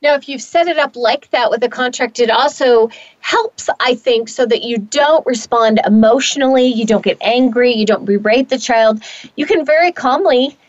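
A woman co-hosting a parenting podcast, calm and agreeable, summing up her partner's points. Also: fairly high pitch, normal speed, dry recording, muffled recording. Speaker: podcast co-host. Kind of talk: casual podcast chat.

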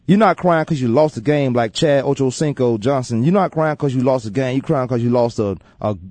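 A man's voice: mid-range voice, no room sound. A man hosting a sports talk radio show, chatting casually and jumping in often with laughs. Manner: animated, quick to jump in and laugh.

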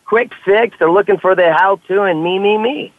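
A man telling stories in a casual conversation, animated and acting out the dialogue he quotes. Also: high-pitched, moderate pace, no echo. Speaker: author and podcast guest. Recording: tinny phone-like line.

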